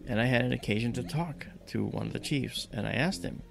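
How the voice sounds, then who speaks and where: A man telling a story on a podcast in a lively, casual way and acting out the dialogue. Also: mid-range voice, a little fast, gravelly. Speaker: podcast guest. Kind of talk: casual spoken anecdote.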